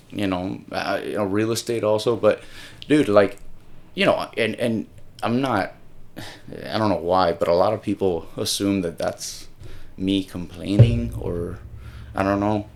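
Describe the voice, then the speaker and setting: A man's voice: on the low side, unhurried, creaky, long pauses, a little mellow. A young man from Miami rambling casually on camera, with many restarts and some swearing, moving between English and Spanish. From Miami, Florida. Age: young adult. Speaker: solo video host. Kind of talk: casual monologue.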